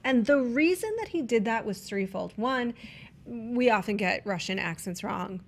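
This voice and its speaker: A woman's voice: on the high side, lively intonation, normal speed, vocal fry, slight background noise. A woman co-hosting a casual film chat, talkative and enthusiastic about movies. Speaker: film show co-host.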